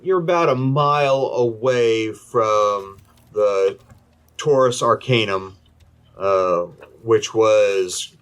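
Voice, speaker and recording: A man runs a tabletop game in a slow, unhurried voice that sits a little low. He describes each scene in measured phrases broken by pauses. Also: fairly bright tone, clean tone. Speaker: game master.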